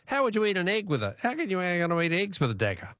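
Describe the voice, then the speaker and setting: A man's voice: sits high, huge pitch swings, very fast, fairly bright tone, dry recording. A man with an Australian accent hosting a radio quiz, chatting casually with callers in a chuckling, self-deprecating way from a studio mic. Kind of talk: casual radio talkback chat. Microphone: studio microphone.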